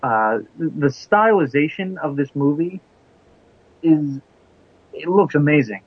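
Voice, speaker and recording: A man co-hosting a casual movie podcast, talking in halting bursts with frequent restarts. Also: fairly high pitch, lively intonation, slightly rough, dry recording. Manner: halting, restarts often, laughs along. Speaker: podcast co-host. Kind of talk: casual chat. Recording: dry, dull lo-fi sound.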